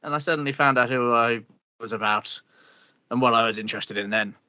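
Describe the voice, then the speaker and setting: In this improvised comedy interview, a man voices a pompous, bitter older meteorologist with a posh English accent who blusters, grumbles and swears mildly. He speaks fairly quickly in a mid-range voice that sounds pushed and bright. The dry recording has its high frequencies cut off.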